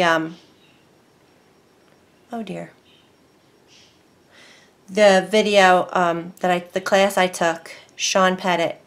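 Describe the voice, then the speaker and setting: A woman hosting a casual crafting tutorial, chatty and easily excited, talking to herself as she works. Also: medium pitch. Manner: chatty, excitable, talks to herself while working. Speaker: craft video host.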